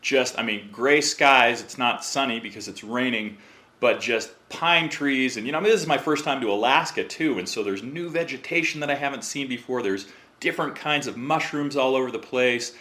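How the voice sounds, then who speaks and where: A man who is a podcast guest, telling a story in a casual, animated way and acting out what others said. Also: mid-range voice. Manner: animated, acts out quotes in other voices.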